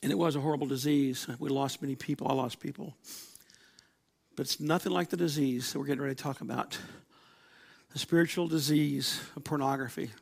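Gravelly-voiced man preaching a sermon. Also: mid-range voice, steady tone, brisk, no echo. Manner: storytelling with laughs and acted-out quotes. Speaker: pastor. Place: church.

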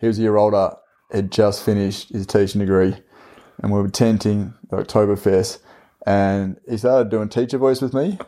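A man's voice: on the low side, steady tone, normal speed, warm tone. A man, a teacher, chatting casually on a podcast and explaining his thoughts at length in a reflective way.

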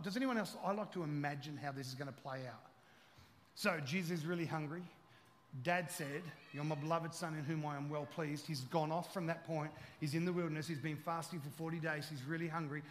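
A man preaches to his congregation in a high, ringing voice, mixing casual jokes with emphatic, rising declarations. His words carry a long reverb, as if filling a church hall. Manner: humorous, conversational preaching that builds to loud emphatic peaks. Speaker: pastor. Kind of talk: sermon.

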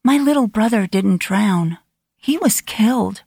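A woman's voice: mid-range voice, expressive, unhurried, vocal fry, darkish tone, slightly rough, dry recording, clean studio sound, full character voice. A woman voicing a frightened young woman who speaks with urgency in an audiobook reading. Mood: anxious. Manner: urgent, breathless pleading.

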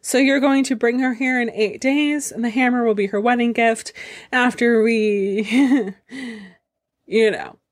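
A woman's voice: on the high side, fairly even intonation, slow pace. A woman voicing a crude, lecherous male ogre lord who talks in casual slang. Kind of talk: comedic storytelling.

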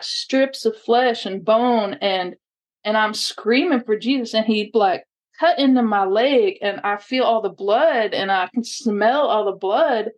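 A woman with a somewhat high voice tells a personal story as a podcast guest. She talks in a casual, halting way, leaning on "like" and restarting sentences. Her delivery stays earnest and intense. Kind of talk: personal testimony, casual retelling.

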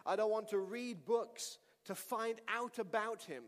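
High-voiced preacher in a reverberant hall. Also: male voice, unhurried. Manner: animated storytelling, shouting at climaxes. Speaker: pastor. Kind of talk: sermon.

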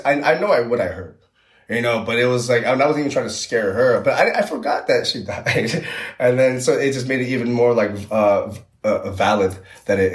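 A man's voice: lowish voice, roomy sound. A young man as a podcast guest, chatting casually and rambling with many fillers and restarts. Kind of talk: casual chat.

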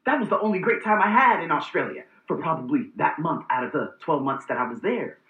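Male vlog host, animated and profane storyteller; lo-fi, roomy recording. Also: on the high side, fairly quick. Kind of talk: casual personal vlog monologue.

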